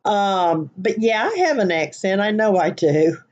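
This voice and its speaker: Slow-talking Southern US woman vlogger. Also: medium pitch, a little mellow, lo-fi sound. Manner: chatty, rambling, with many fillers. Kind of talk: casual accent tag vlog.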